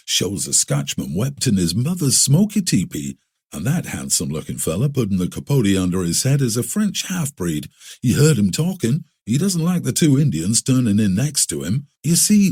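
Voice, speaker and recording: A man's voice: mid-range voice, darkish tone, breathy edge. A man voicing a seasoned frontier man who explains things in a confiding, storytelling way.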